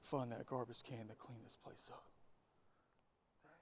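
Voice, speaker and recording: A man's voice: medium pitch, steady tone, unhurried, a little hiss or hum. A man narrating a casual outdoor vlog, musing to himself and often dropping into a whisper while picking up trash in the woods. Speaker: vlogger. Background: insects and crickets.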